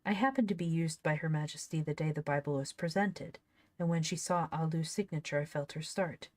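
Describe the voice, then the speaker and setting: A woman's voice: sits low, fairly quick, dry recording. A woman reading an old storybook aloud, now and then breaking off to laugh and comment on it. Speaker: reader of an old book. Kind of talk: casual read-aloud with asides.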